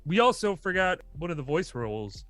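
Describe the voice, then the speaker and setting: A man's voice: a little high, very animated, a little fast, a bit bright, soft background music. A man co-hosting a podcast, chatting casually and rambling a little, with free swearing. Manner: rambling, loose, swears freely. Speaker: podcast co-host. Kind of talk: casual chat.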